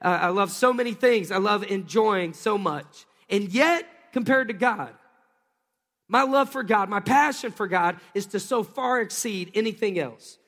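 Pastor, man, high voice, energetic call-and-response preaching, recorded with long hall reverb. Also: measured pace. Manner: energetic, calls for crowd responses. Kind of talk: sermon. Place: church sanctuary.

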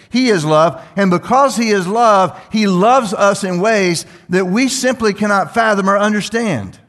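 A man's voice: sits high, a bit bright. An older man preaching a sermon as pastor, talking conversationally and asking the congregation questions. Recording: long hall reverb with faint music.

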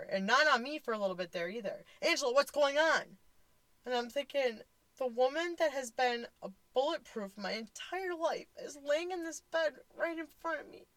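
A woman's voice: fairly high pitch, a bit bright, dry recording, low-quality recording. A woman in her forties telling a personal story, blunt and candid, fighting back tears. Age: 40s. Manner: blunt, candid, swears casually. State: tearful, voice close to crying.

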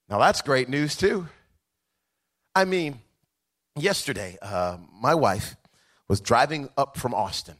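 A pastor with a fairly high voice preaches a sermon, shifting between quiet conversational asides, chuckling stories and a rising, rhythmic preacher's cadence.

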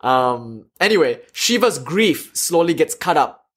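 A man telling old myths in a casual lecture with lively asides and slang. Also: a little high, unhurried, breathy edge. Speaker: teacher of yoga philosophy.

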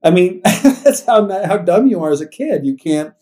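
In his forties, this podcast co-host has a high, very animated, mellow voice at a normal speed. He chats casually and sounds reflective and wistful, wandering off and starting over as he thinks out loud.

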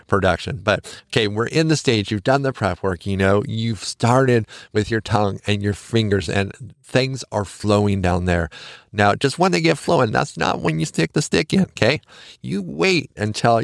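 Gravelly low-voiced man giving frank advice. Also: dry recording, clean studio sound. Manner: candid, joking, conversational with frequent "you know". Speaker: podcast host. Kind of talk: frank casual advice monologue.

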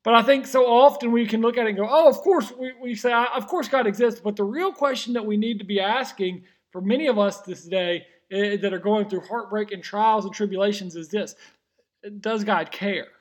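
High-voiced earnest male preacher. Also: fairly even intonation. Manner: earnest preaching, rising to emphatic cries, dropping to soft, slow near-whispers; frequent restarts and repeated words. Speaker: pastor. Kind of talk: sermon.

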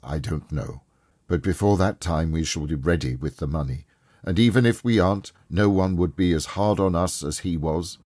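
A poor husband in a storybook reading, played by a man, quietly reassuring and relieved. The low, husky voice sounds dry and close. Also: moderate pace, no echo.

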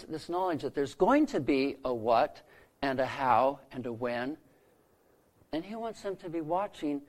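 A man preaching a sermon who retells scripture stories, lifting his voice for quoted lines and dropping soft and low to land a point. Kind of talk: sermon storytelling.

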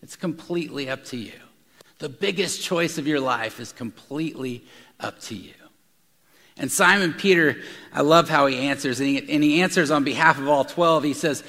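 A man delivers a sermon in a large room, drifting between personal storytelling and scripture. His voice sits a little high with a gravelly edge, and he often doubles words as he talks. A long reverb trails his voice through the hall. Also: moderate pace, sharp tone. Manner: storytelling with frequent repeated words. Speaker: pastor.

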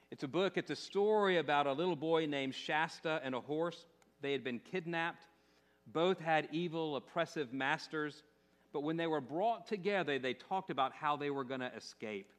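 Pastor guy preaching, fairly high voice, lots of repeats and "amen?" type questions. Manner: repetitive, rhetorical questions to the congregation. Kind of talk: sermon.

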